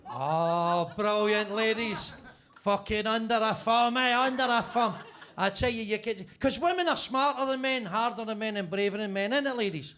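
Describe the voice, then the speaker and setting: High-voiced brash comic. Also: male voice, normal speed, fairly bright tone. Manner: brash, swearing, teasing the audience. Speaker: stand-up comedian. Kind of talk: stand-up crowd work. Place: basement comedy club.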